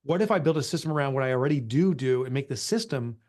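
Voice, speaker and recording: A man's voice: mid-range voice, expressive, fast talker, darkish tone. A middle-aged man and author, candidly telling an emotional personal story in an interview. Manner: earnest, emotional, confessional. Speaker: author and guest.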